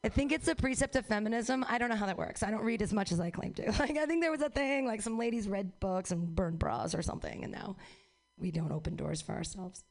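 A young woman doing a stand-up comedy set, rambling and profane, with quick self-mocking asides. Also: medium pitch, a little mellow.

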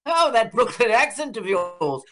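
A man putting on the voice of a fawning, wheedling male film director in an exaggerated, high, gushing tone. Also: very animated, a little slow, crowd noise, exaggerated voice. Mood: pleading. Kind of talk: comic impression in casual chat.

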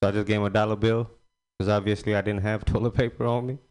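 A man doing stand-up comedy, telling a story in a relaxed way. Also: fairly low pitch, quick pace.

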